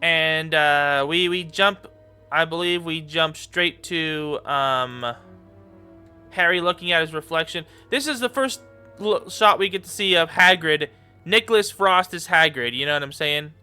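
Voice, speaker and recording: Rambling bright-voiced man reacting to a trailer. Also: a little high, a little slow, smooth, soft background music. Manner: rambling, filler-heavy, repeats himself; gets excited and laughs easily. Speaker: YouTube commentator. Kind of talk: casual reaction commentary.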